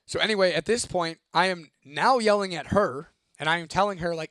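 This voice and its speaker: A man's voice: high-pitched, moderate pace, no room sound, clean studio sound. A young man casually telling a creepy story to viewers, swearing freely and talking with energy. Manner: profane, animated, reads a viewer comment aloud. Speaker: host.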